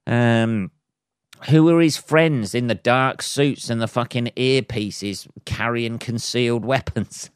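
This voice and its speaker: A man hosts his own podcast, ranting casually on his own with plenty of swearing and chuckling and mocking people in put-on voices. His voice is medium-pitched, slow, clear and resonant, captured in clean studio sound with no echo.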